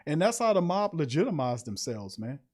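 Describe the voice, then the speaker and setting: A man hosting a podcast in a casual livestream monologue, preachy and emphatic, with slangy talk and sudden high-pitched emphasis. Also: big pitch swings, fairly quick. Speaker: podcast host.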